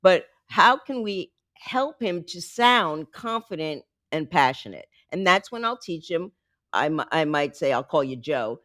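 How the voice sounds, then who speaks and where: A woman's voice: lowish voice, a little slow, dry recording. Emphatic woman coach, dry close mic. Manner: lively, emphatic, teaching by example. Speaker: executive communication coach, guest. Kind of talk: podcast interview.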